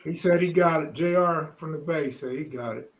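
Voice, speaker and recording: A man's voice: fairly high pitch, moderate pace. A man hosting a live stream, talking loosely and laid-back with slang. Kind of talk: casual chat.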